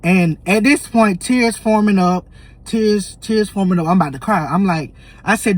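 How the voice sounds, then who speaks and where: A young man tells a storytime vlog. He is animated and emotional, and he acts out his own lines and his family's. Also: high-pitched, moderate pace. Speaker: vlogger.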